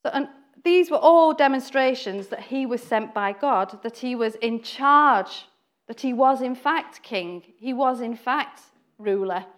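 A woman's voice: on the high side, animated, measured pace. A woman giving an informal, chatty sermon, acting out quoted voices and laughing now and then. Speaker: preacher.

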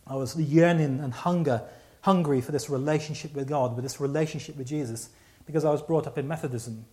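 Male preacher, slightly high voice, animated sermon storytelling, stumbles and restarts.

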